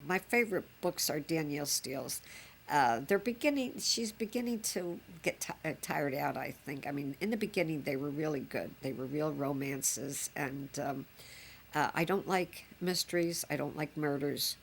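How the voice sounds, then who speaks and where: A woman's voice: deep voice, moderate pace, creaky, slight background noise. An older woman, a grandmother reminiscing fondly in a chatty, rambling way. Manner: chatty, fond, rambling with fillers. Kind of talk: reminiscing home recording.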